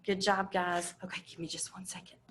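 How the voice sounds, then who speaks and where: A woman's voice: on the low side, little pitch movement, a bit bright, a little hiss or hum. A woman teacher giving a recorded phonics lesson to young children, talking patiently and stretching out each sound. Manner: slow, patient, drawn-out enunciation of sounds. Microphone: camera.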